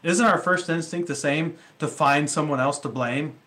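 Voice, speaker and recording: A man's voice: on the high side, normal speed, pushed and bright. Man preaching in a conversational sermon. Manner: conversational, rhetorical questions. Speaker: pastor.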